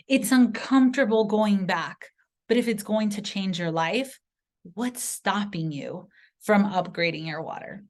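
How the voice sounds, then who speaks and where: A woman giving an earnest motivational sales pitch to camera, speaking directly to the viewer and telling personal stories. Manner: earnest, direct, story-driven persuasion. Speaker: sales presenter.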